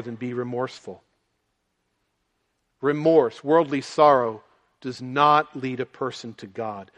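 A man preaching a sermon, moving between quiet, low passages and loud, emphatic ones. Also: takes it slowly, pauses often. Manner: dynamic, swings from soft and low to loud and emphatic.

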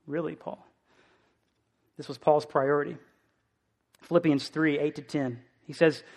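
A young adult man preaching a sermon as a pastor, earnest and emotional, asking the listeners questions in a conversational way. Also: fairly high pitch.

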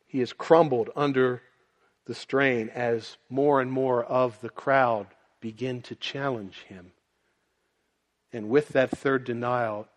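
A man preaching a sermon, moving between quiet, low passages and loud, emphatic ones. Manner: dynamic, swings from soft and low to loud and emphatic.

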